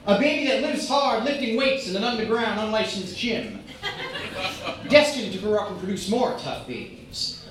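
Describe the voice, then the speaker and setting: A stand-up comedian tells a wry story with lively, swinging intonation and frequent ums. The voice comes from a distance in a very echoey space, with faint ambience underneath. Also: medium pitch, moderate pace. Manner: animated, wry, uses many um and uh. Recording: echoey room, far-off mic, faint ambience.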